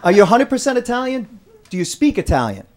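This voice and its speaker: A man's voice: very high voice, very animated, quick pace. A man from doing a brash, punchy stand-up routine and working the crowd. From Rhode Island, USA. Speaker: stand-up comedian. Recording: live club recording, audience laughter. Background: crowd laughter, noise.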